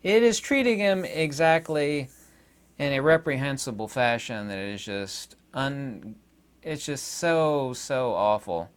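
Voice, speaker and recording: A man's voice: medium pitch, lively intonation, slow, clean tone. A middle-aged American man giving an indignant, rambling political monologue with sarcastic asides. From United States. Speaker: commentator.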